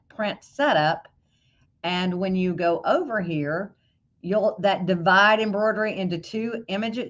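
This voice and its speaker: A woman hosting a casual livestream tutorial on embroidery software, chatting and greeting viewers by name. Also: mid-range voice, muffled recording.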